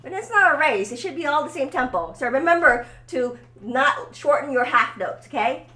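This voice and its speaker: Female violin teacher, higher voice, encouraging coaching, room with echo, faint violin behind. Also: animated, moderate pace, sharp tone. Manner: encouraging, coaching, keeps checking in with "okay?". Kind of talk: one-on-one violin lesson. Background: faint violin playing.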